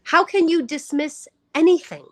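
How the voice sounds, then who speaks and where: A woman's voice: sits high, moderate pace, no echo. Middle-aged woman from California, podcast co-host, earnest and argumentative, dry close sound. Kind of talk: casual chat.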